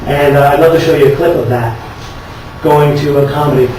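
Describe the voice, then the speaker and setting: Male conference speaker, higher voice, chatty and joking; roomy, hissy amateur recording. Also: fairly even intonation, a little fast. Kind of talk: casual workshop talk. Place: conference room. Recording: echoey hall, distant mic, noisy.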